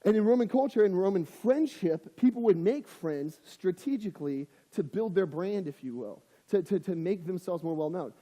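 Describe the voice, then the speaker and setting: A man's voice: high voice, lively intonation, normal speed, few pauses, dark tone. A young adult man giving a casual sermon to a youth group, talking conversationally and slipping into voices for the people he quotes. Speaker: youth pastor. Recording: long hall reverb.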